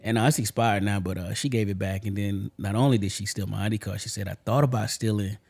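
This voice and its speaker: A man's voice: on the low side, steady tone, fast, creaky, darkish tone. A man co-hosting a podcast, telling a story in a laid-back, slangy way and laughing along. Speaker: podcast co-host. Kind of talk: casual chat and storytelling.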